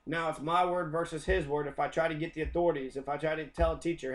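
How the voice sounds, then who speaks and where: A man's voice: on the high side, fairly even intonation, very fast, few pauses. Profane, heated young American man ranting. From United States. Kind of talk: angry rant.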